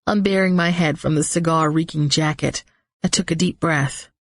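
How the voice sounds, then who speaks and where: Woman reading a novel out loud, deep voice, bone dry close mic. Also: normal speed, no echo. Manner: steady storytelling, voices characters with small pitch shifts. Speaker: audiobook narrator. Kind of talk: first-person audiobook narration.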